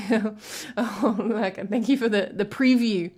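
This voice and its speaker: A woman's voice: mid-range voice, normal speed, hardly any pauses, a little mellow, slightly rough. An English woman from England, a music streamer chatting casually between songs, reading chat and thanking viewers in a chatty, self-deprecating way.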